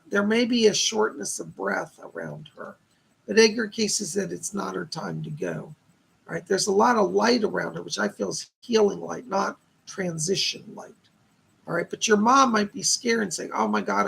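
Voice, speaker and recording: A man's voice: high-pitched, big pitch swings, moderate pace, gravelly, fairly bright tone, slightly rough. A man hosting a live stream of psychic readings, chatty and upbeat, reading viewer comments aloud and thanking donors.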